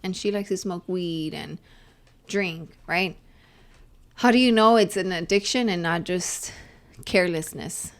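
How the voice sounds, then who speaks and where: A woman's voice: lowish voice, unhurried. A young woman co-hosting a podcast in casual chat, asking questions and wrapping up the episode. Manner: relaxed, asks questions and runs the outro. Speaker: podcast co-host.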